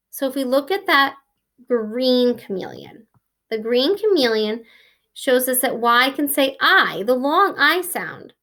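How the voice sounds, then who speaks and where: A woman teaching a first grade phonics lesson, slowly and clearly sounding out words for young children. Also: high voice, a bit bright.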